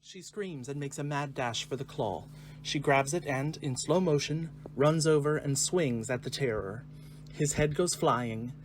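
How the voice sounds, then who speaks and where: A man narrating the stage directions of a screenplay reading in a clear, measured way. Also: medium pitch, a little hiss or hum.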